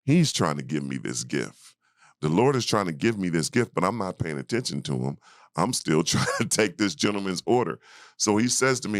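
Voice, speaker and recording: A man's voice: low voice, moderate pace, no echo, clean studio sound. A man in his fifties, a former basketball player, telling stories in a casual interview and acting out the people in them. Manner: animated storyteller who acts out the people in his story.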